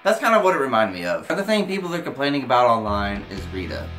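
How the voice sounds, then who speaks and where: Excitable young man reviewing a movie. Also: fast, soft background music. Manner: excitable and emotional, swears casually, pitch jumps when worked up. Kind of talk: casual movie review vlog.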